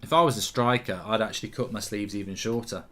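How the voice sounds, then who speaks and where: A man hosting a live football watchalong, bluntly reacting to the match and reading viewer comments aloud, his voice jumping up when play excites him. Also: on the low side, fast. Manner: blunt, swears casually, rants at the referee. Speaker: host.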